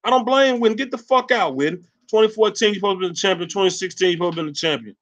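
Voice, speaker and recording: A man hosting a sports livestream, ranting angrily and cursing, swinging between loud rants and low mutters. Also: quick pace. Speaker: sports channel host. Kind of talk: profane livestream sports rant.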